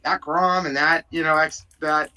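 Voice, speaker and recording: A man's voice: fairly high pitch, flat delivery, unhurried, sharp tone. A man enthusiastically telling a nostalgic story in a group video chat. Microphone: video call. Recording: distant from the mic.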